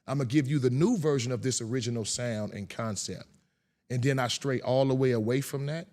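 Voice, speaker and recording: A man in casual podcast conversation, talking in an animated way and repeating himself for emphasis. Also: brisk. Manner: animated, repeats himself, imitates bass sounds.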